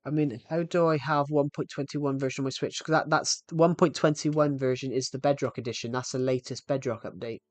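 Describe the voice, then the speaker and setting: A man's voice: medium pitch, fairly even intonation, brisk, hardly any pauses, no echo. Breathless young man streaming a game. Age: 20s. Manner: rambling, restarts sentences, thanks viewers. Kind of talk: casual live-stream chat.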